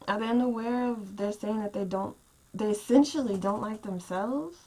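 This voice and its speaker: A woman vlogging to her camera, telling a workplace story in a casual, exasperated rant and acting out what people said with big jumps in pitch. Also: moderate pace, dark tone, low-quality recording.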